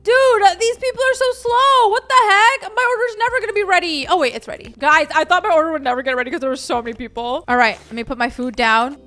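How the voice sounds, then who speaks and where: A young woman giving casual, excitable commentary while she plays a game, with lots of "oh my gosh" and "like". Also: extremely high pitch, fast, few pauses. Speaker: gaming YouTuber.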